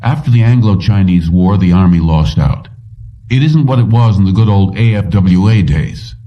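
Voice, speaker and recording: A man voicing a weary middle-aged police commissioner who talks in a somber, measured way. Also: sits low, distant mic, muffled recording, lightly acted.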